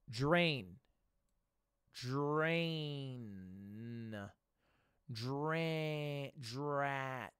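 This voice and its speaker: A man's voice: mid-range voice, a bit bright, smooth, no room sound, clean studio sound. A young man streaming, thinking aloud through a word game, muttering guesses and swearing often. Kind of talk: casual gaming commentary.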